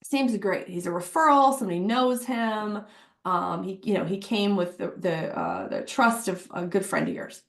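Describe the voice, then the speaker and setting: A woman's voice: mid-range voice, sing-song, normal speed, roomy sound. A woman giving a casual business workshop talk, chatty, with many fillers and acted-out quotes. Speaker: HR workshop presenter. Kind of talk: casual webinar presentation.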